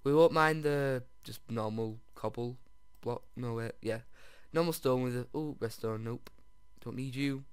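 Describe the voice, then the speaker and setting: A man giving let's-play commentary as he plays, excitable, often jumping to squeals over finds and talking straight to his viewers. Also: mid-range voice, a little slow, few pauses, smooth, no room sound, clean studio sound. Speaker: video game player.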